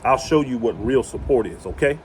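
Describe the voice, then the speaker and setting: With lively intonation and a slightly fast pace, a medium-pitched man preaches outdoors on his property. His impassioned religious talk leans on emphatic repetition, and there's slight background noise.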